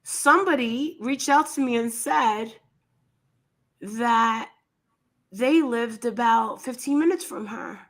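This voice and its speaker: Blunt high-voiced woman host. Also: takes it slowly. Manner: blunt, animated, scornful. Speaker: commentary channel host. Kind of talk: casual commentary chat.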